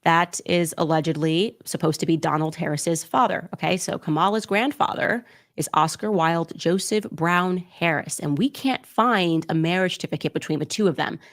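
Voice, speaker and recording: A woman presenting documents in a commentary clip, laying out evidence in a measured way, step by step. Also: on the low side.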